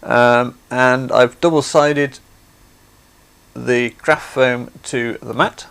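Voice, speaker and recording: Gravelly man demonstrating crafts. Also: medium pitch, steady tone, very slow, a bit bright. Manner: chatty, explaining step by step. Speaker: craft livestream host. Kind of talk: casual demonstration.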